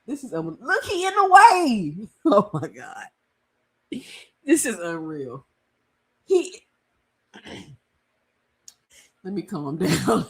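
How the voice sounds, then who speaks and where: A woman doing live reaction commentary to her viewers, sitting a little above the usual pitch. Her voice rises and falls widely. She speaks unhurriedly, breaking into laughter and incredulous asides to her chat. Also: sing-song, takes it slowly. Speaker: boxing streamer host.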